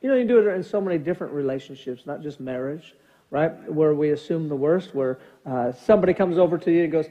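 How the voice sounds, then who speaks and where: A man's voice: fairly high pitch, animated, fast talker, dark tone. A man in his fifties, a pastor giving a conversational, jokey sermon in a church, acting out little scenes with funny voices. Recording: muffled lo-fi sound.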